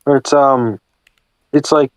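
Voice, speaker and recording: A man chatting casually with a friend while working, animated and laughing, often slipping into character voices. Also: medium pitch, takes it slowly, no room sound. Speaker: channel host.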